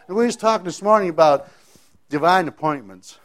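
A man's voice: on the high side, sing-song, fairly quick. Folksy man telling a faith testimony. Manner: folksy, rambling, frequent restarts. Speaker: speaker sharing a faith testimony. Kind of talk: personal testimony storytelling.

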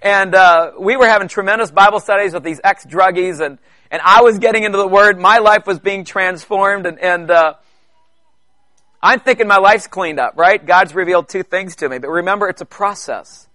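High, bright-voiced male preacher. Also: dry recording. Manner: chatty, halting restarts, joking asides to the congregation. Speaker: preacher giving testimony. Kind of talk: conversational sermon testimony. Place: church.

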